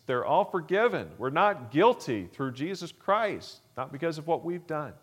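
A man's voice: fairly high pitch, sing-song, unhurried, slightly rough. Man preaching an emphatic sermon. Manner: emphatic preaching with frequent uh fillers and restarts. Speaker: pastor.

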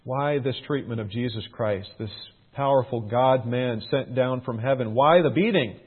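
A man's voice: mid-range voice, normal speed, breathy edge. A middle-aged man teaching through a Bible passage, earnest, his emphasis rising on questions. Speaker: preacher. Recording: tinny phone-like band.

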